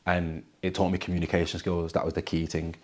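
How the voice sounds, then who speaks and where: A man's voice: low voice, little pitch movement, brisk. A young man with a Wolverhampton accent, a rapper talking casually in an interview, full of street slang and "you get me" tags. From Wolverhampton, England.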